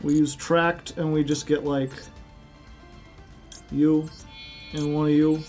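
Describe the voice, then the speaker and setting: A man's voice: a little high, flat delivery, slow, a little mellow, faint music behind. A man streaming a card game, chatting casually and spinning silly rambling stories.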